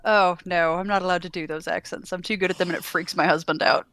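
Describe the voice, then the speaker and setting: A woman's voice: on the low side, steady tone, fast talker, fairly bright tone. A woman co-hosting a podcast in casual chat, chatty, with many "like"s and frequent giggles. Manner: chatty, filler-heavy, giggly. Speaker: podcast co-host.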